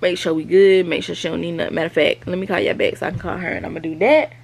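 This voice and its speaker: A woman's voice: lowish voice, fairly even intonation, rapid-fire, vocal fry, a little hiss or hum. A woman in her thirties, a mother chatting casually and confidingly to her viewers at home. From South Carolina, US. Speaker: vlogger, mother. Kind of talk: casual chat to camera.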